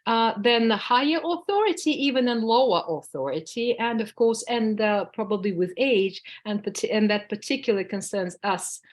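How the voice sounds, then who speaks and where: A woman's voice: a little high, expressive, moderate pace, hardly any pauses. A woman with a Russian accent, a native Russian speaker, teaching a workshop on public speaking, speaking hesitantly with frequent fillers and restarts. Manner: demonstrates tongue twisters with exaggerated falling tones. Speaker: workshop instructor. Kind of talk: lecture to a workshop audience.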